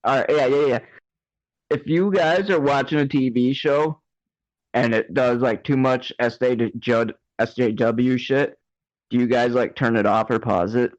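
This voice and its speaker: A man chats in an offhand, rambling way at a middling pitch. His remote mic sounds dull and lo-fi, with the top end rolled off. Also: a little slow. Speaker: podcast regular. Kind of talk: casual chat.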